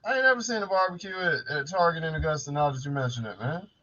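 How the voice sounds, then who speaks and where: A man's voice: fairly high pitch, quick pace, bright, forceful tone, highs cut off. A man co-hosting a casual late-night live stream, laid-back and profane, chatting about mutual friends and store hunts.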